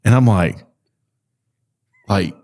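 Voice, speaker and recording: A man's voice: lowish voice, extremely slow, creaky, mellow. A man in a casual podcast chat, laid-back and teasing dryly.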